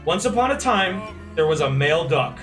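A man's voice: a little high, very animated, moderate pace, over music. Amused young man streaming. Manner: amused, laughing often. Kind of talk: reading aloud and joking on stream.

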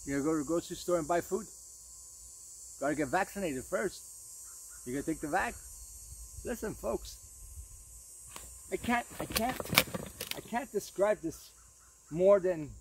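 A man's voice: on the high side, far from the mic, noisy background. A man walking through his vegetable garden, talking casually to viewers and drifting into preachy warnings, calling them folks. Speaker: vlogger gardener. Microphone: camera on tripod outdoors.

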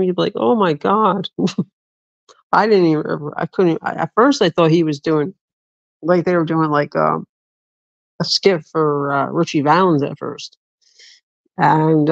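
A man telling casual stories in a rambling way, often restarting his sentences. His voice has a gravelly, creaky texture at a middle pitch. The sound is dull and lo-fi, with a dry, close feel. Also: dry recording. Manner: rambling, with frequent restarts and laughs. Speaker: vlogger. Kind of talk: casual storytelling.

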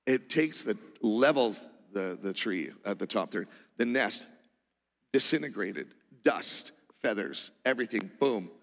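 A man preaching, telling a testimony story in an animated way with loud bursts of exclamation. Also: fairly low pitch, measured pace. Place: church sanctuary. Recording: reverberant church hall.

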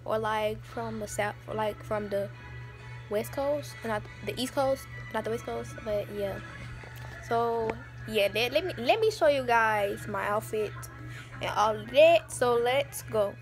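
Teen girl rambling through a grwm vlog, kinda high voice, music going loud behind her. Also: measured pace. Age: teens. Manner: chatty, rambling, self-correcting slang. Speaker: vlogger. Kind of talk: casual get-ready-with-me vlog chat.

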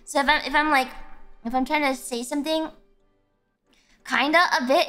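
A young adult woman streamer in casual livestream chat, ranting bluntly and swearing freely, with sudden animated yelps. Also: high voice, moderate pace, faint music behind.

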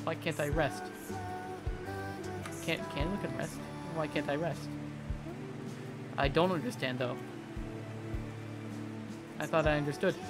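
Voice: mid-range voice, steady tone, unhurried, pauses often. Rambling game streamer muttering to themself. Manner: muttering, rambling, confused self-talk. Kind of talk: casual gameplay commentary. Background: game music.

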